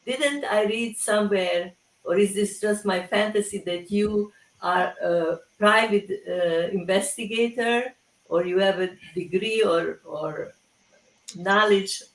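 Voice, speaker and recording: A woman's voice: mid-range voice, slow pace. A Southern-accented woman co-hosts a podcast, winding through her question and correcting herself as she goes. She sounds distant from the microphone, in a roomy, echoing space. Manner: meandering, self-correcting questions. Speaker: co-host. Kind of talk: casual interview chat.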